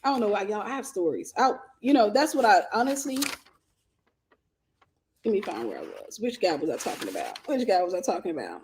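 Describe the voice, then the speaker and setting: A woman host telling a personal story and giving dating advice in a lively, casual way, often breaking into laughter. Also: mid-range voice, brisk, a little hiss or hum. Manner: animated, bursts into laughter, vernacular.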